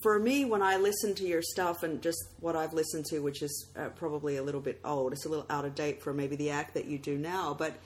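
A woman's voice: low-pitched, steady tone, fairly quick, few pauses, a little hiss or hum. A woman podcast host from Russia, raised in Australia, chatting in a blunt, teasing way. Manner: blunt, teasing, swears freely. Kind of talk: casual podcast chat.

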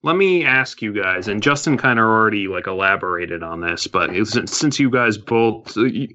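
Male podcast host, bright forceful tone, muffled lo-fi recording, halting questions. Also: on the low side, lively intonation. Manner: halting questions with many filler words. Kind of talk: casual podcast chat.

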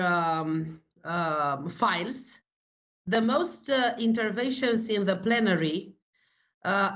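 Slow, halting Romanian-accented woman. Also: fairly high pitch, a bit bright, highs cut off. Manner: halting, many fillers, earnest. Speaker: senator guest. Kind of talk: remote interview answers.

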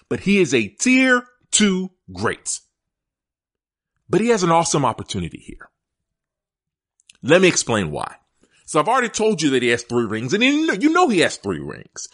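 A man's voice: high-pitched, fairly bright tone. A middle-aged man hosting a casual sports podcast, emphatic and laughing often as he talks straight to his listeners. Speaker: podcast host.

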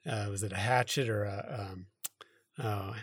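A man co-hosting a podcast, retelling a story in a rambling, halting way full of fillers and self-corrections. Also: fairly low pitch, steady tone, breathy edge, no room sound, clean studio sound. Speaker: podcast co-host. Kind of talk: casual storytelling chat.

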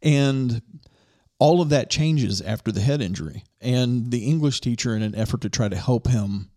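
A man on a casual podcast, walking through a book's plot in long rambling stretches. He leans on "you know" and restarts his sentences as he goes. His voice sits at a middle pitch for a man. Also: normal speed, mellow. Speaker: podcast co-host. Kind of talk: casual movie discussion podcast.

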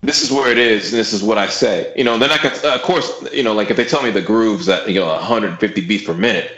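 Laid-back swearing drummer in an echoey room. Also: male voice, lowish voice, fast talker, fairly bright tone, dull audio. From Austin, Texas. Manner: laid-back, swears freely, repeats words, acts out his own past lines. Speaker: guest drummer. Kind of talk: casual podcast chat.

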